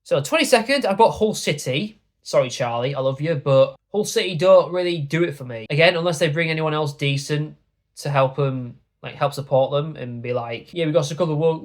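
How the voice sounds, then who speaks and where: A young man from York, giving football predictions in a sweary, rambling, blunt rant. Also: on the high side. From York, England. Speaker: YouTuber.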